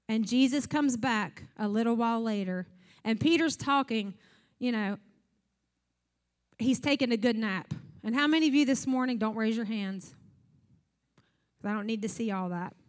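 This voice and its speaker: A woman preaches, speaking to her congregation in an easy, conversational way. She acts out the Bible scenes in short, lively bursts, and her voice sits a little high. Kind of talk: sermon.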